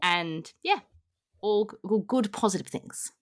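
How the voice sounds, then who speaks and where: A woman, co-hosting a podcast in upbeat, animated casual chat. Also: medium pitch, a little slow. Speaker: podcast co-host.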